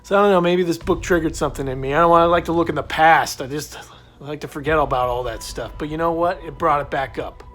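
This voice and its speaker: A man giving a comic, deadpan review of a children's book, with mock-confessional asides. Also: on the high side, fast talker, roomy sound, faint music behind.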